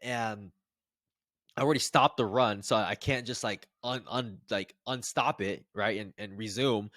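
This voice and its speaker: A man's voice: lowish voice, measured pace, no echo, clean studio sound. Rambling young man telling a story. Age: 20s. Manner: rambling, animated, frequent restarts and swearing. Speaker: vlogger. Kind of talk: casual storytelling to camera.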